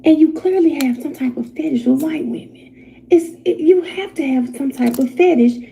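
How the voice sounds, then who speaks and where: Woman commentator, gravelly and dark-toned, blunt and indignant. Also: high-pitched, normal speed, a little hiss or hum, poor audio. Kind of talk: online commentary video.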